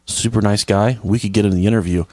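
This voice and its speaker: A man's voice: lowish voice, fairly even intonation, quick pace, darkish tone, dry recording. A man co-hosting a podcast, joking in a loose, profane, crude way as he chats with his co-host. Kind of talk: crude casual banter. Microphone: podcast microphone.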